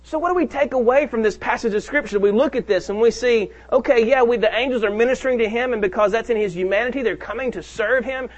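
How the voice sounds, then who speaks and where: A male pastor preaching a sermon to his congregation. He leans hard on key phrases and draws them out slowly. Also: very high-pitched, rough recording. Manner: preaches with rising emphasis and slow, drawn-out key phrases. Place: church sanctuary.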